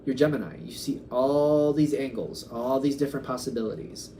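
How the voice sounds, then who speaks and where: A man's voice: medium pitch, steady tone, moderate pace, dark tone, slight background noise. A man giving a casual tarot reading, musing aloud and acting out quoted back-and-forths. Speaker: tarot reader.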